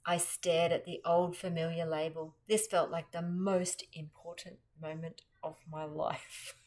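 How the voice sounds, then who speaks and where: Expressive Australian woman reading a kids' story. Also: lowish voice, unhurried. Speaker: children's story reader. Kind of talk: reading a children's book aloud.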